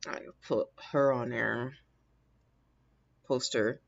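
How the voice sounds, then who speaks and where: A woman's voice: extremely low pitch, fairly even intonation, takes it slowly, vocal fry. Woman, livestream host, rambling casual chat, laughs a lot, dull lo-fi sound. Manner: rambling, frequent laughs and restarts.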